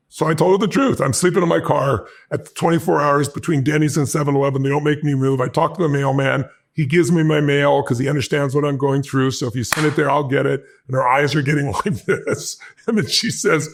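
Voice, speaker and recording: A man in his sixties, from the United States, telling a personal story as a podcast guest and acting out the dialogue with jumps in pitch. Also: a little fast. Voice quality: gravelly, husky voice.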